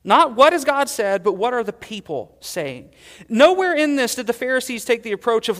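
A man preaching a sermon as pastor, earnest, swelling loud and then dropping to quiet emphasis. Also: very high voice, big pitch swings, moderate pace, big-room sound.

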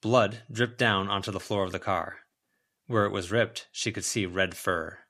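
A man narrating a fan-made audiobook of a web serial in an even, measured way. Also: lowish voice. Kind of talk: audiobook reading.

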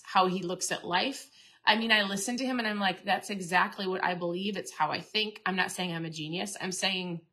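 A woman's voice: mid-range voice, bright, forceful tone. A middle-aged woman hosting a casual motivational podcast talk, chatty and earnest, often restarting and repeating herself. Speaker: podcast host and keto coach.

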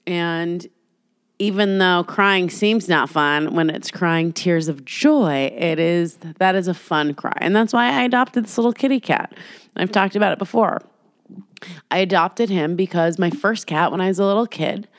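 A woman's voice: lowish voice, unhurried, dry recording, clean studio sound. A young adult woman hosting a podcast, talking in a candid, rambling, emotional way and swearing freely. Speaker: podcast host. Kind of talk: confessional casual monologue.

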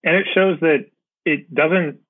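A man hosting a conversational interview, speaking casually and agreeably, animated when he tells a story. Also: fairly high pitch, a little slow, slightly rough, dry recording. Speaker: podcast host. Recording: phone-like remote call audio.

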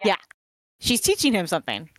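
A woman's voice: mid-range voice, wildly swooping pitch, a little fast, a bit bright, no echo. A woman playing her character in a tabletop game, in a playful, giggly manner. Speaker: player.

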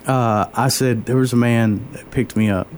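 A man as an interview guest, telling a personal faith story in an earnest, halting way, openly moved. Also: mid-range voice, fairly even intonation, darkish tone, a little hiss or hum. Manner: earnest, halting, many fillers and restarts.

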